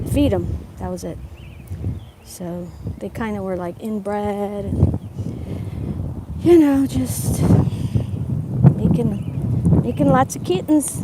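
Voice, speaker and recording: A woman livestreaming while walking her dogs, chatting in a meandering, casual way into a phone held in her hand. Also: mid-range voice. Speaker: vlogger livestreaming a dog walk. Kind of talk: rambling casual live chat. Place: outdoors on a rural walk. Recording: phone audio outdoors with loud background noise. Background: loud birdsong and outdoor noise.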